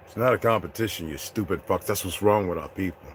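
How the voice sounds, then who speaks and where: A man ranting to his viewers in an unscripted, confrontational, profane way, dropping to low mutters and rising to loud outbursts. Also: fast, slight background noise. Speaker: vlogger addressing his viewers. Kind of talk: unscripted rant to camera.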